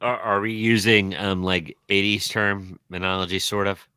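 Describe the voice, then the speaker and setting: Low, bright-toned male podcast co-host. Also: flat delivery, moderate pace, clean tone, dry recording. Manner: wry, hedging, careful disclaimers. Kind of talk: casual podcast banter.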